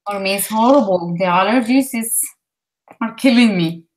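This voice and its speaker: A woman from Colombia whose English carries a Colombian Spanish accent. She chats through a vivid story, piling on fillers as she goes. Her speaking voice sits at an ordinary mid pitch. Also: normal speed, rough recording. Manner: animated storytelling with many fillers. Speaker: language learner. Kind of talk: casual conversation practice.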